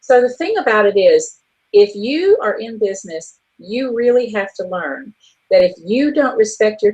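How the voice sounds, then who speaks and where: A woman with a slightly husky, breathy voice speaks at an ordinary middle pitch. She co-hosts an online business show and tells the story frankly and chattily, with a note of exasperation. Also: lo-fi sound. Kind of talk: casual monologue telling a story.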